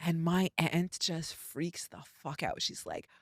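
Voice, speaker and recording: Animated swearing woman telling stories. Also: deep voice, unhurried, no room sound, studio quality. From Pakistani-American. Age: 30s. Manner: animated, swears, acts out quoted relatives. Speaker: guest. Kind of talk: candid storytelling chat.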